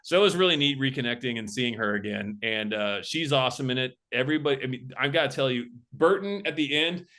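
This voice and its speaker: A man in the guest seat of a casual interview, telling behind-the-scenes stories as a film director. He talks in an animated way, jumping into other people's voices when he quotes them. His pitch sits in an ordinary middle range for a man. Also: fast, few pauses.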